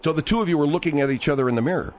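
A man hosting a call-in radio show, talking in a halting, placating way with many fillers. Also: on the high side, no echo. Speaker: radio talk show host.

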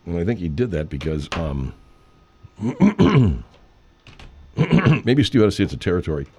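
A man hosting a radio show, chatting casually off air in a rambling, profane way with frequent throat-clearing. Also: low voice, very animated, a little slow, dark tone, slight background noise.

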